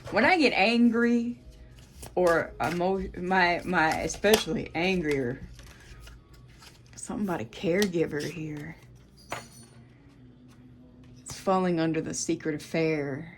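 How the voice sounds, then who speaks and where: A woman with a Southern US accent does a solo tarot reading, speaking in a lowish voice at an unhurried, drawn-out pace. She is blunt and swears freely, talking straight to her viewers as Collective. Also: a little hiss or hum. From United States. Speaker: tarot reader.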